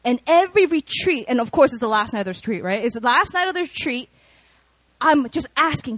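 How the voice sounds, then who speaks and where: Animated, high-voiced woman preaching. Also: brisk, dry recording. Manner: animated, expressive, conversational with many fillers. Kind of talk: sermon with personal storytelling.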